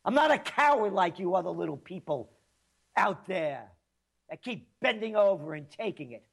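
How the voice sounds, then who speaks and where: A man's voice: high-pitched, big pitch swings, moderate pace, vocal fry. Combative, sarcastic New man. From New York. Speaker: commentator and host. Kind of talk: ranting political monologue.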